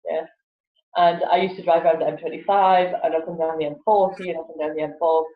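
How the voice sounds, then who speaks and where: Woman, animated, laughs a lot, roomy echo, tinny phone sound. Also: low voice, fast talker. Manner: laughs often, acts out voices animatedly. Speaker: guest, laughter yoga teacher. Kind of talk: casual interview chat. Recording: echoey, phone-like lo-fi audio.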